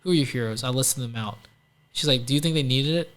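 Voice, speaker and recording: A man's voice: mid-range voice, quick pace, a bit bright. Chatty man telling stories, full of "like"s. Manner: chatty, heavy use of "like", acts out quoted people. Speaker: entrepreneur guest. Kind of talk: casual storytelling interview.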